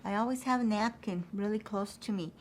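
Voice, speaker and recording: A woman teaching an acrylic painting demonstration, thinking aloud as she paints in a relaxed way. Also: medium pitch, brisk, slight background noise.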